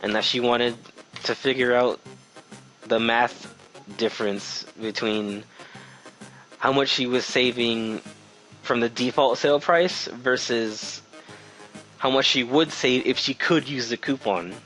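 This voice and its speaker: A man's voice: mid-range voice, takes it slowly, pauses often, fairly bright tone, faint music behind, poor audio. A young man who works in retail, telling a casual storytime rant in an exasperated way and swearing freely. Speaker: retail worker.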